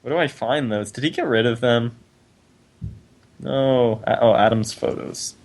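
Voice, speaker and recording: A man's voice: mid-range voice, unhurried, darkish tone. A man co-hosting a casual podcast, swearing freely and reading friends' posts aloud in mocking voices. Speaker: podcast co-host.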